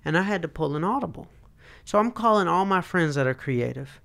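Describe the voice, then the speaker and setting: A man in his thirties from Atlanta, Georgia, telling stories as a podcast guest in an animated way, full of "like". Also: on the high side, a little fast, creaky. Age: 30s. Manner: animated and excitable, lots of "like". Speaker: guest, motivational speaker. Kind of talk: casual storytelling in conversation.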